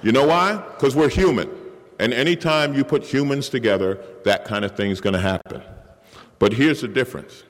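A man's voice: mid-range voice, moderate pace. A middle-aged man giving a candid, self-mocking personal share at a recovery meeting, sometimes acting out his own inner voice. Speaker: speaker sharing at a recovery meeting. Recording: long reverb of a hall.

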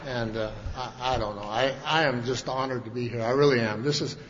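A man's voice: medium pitch, brisk, fairly bright tone, slight background noise. A man telling his story at a recovery meeting, folksy and joking, with lots of restarts. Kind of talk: speech to a large audience. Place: large meeting hall with audience. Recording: dull hall recording with long reverb.

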